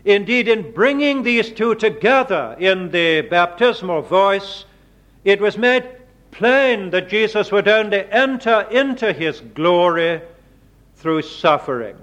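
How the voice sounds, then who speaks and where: A man preaching a sermon, slow and deliberate, leaning hard on quoted words. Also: high voice, lively intonation, a bit bright. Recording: dull lo-fi sermon recording.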